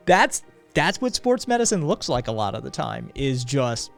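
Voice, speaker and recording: A man's voice: mid-range voice, sing-song, measured pace, gravelly. A man casually telling a long anecdote on a livestream, full of fillers and acted-out quotes, with faint music behind. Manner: rambling, acts out quotes, frequent fillers. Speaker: podcast co-host.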